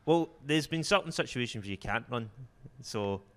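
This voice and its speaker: Glaswegian male comic, guest storyteller, relaxed and profane, mid-pitched, laughs into the punchlines. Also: moderate pace, smooth. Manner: laid-back, sweary, laughs through his punchlines. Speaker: comedian guest. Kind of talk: casual podcast storytelling.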